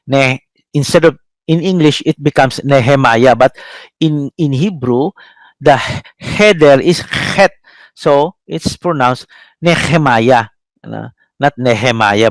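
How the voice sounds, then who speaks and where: A middle-aged man with a Filipino accent giving a classroom lecture, pausing often with fillers and checking in with "no?". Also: mid-range voice, no echo, rough recording. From Philippines. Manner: halting, many fillers, checks in with "no?".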